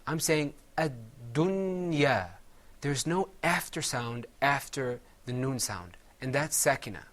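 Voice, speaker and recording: A man teaching a Quran recitation class, patiently quizzing his students and drilling words slowly with them. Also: mid-range voice, animated, fairly bright tone.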